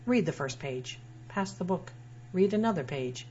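Woman writer reading her own essay out loud, dry wry humor, bit low voice, muffled lo-fi audio. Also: animated, normal speed. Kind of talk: reading a personal essay aloud. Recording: dull lo-fi sound with faint hum.

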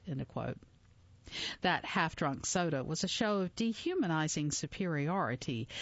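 A woman in her forties narrating a memoir audiobook in a measured, reflective way. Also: low voice, no room sound, highs cut off.

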